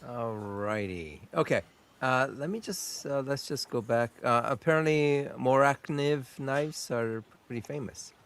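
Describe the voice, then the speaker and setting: A man's voice: medium pitch, a little slow, a bit bright, smooth. Hesitant man hosting a casual chat. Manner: hesitant, many fillers.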